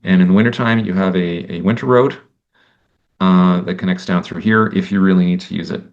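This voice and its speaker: A man giving a conversational lecture, animated and exasperated, acting out imagined exchanges and often restarting his sentences. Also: deep voice, brisk, dull audio. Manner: many restarts and self-corrections.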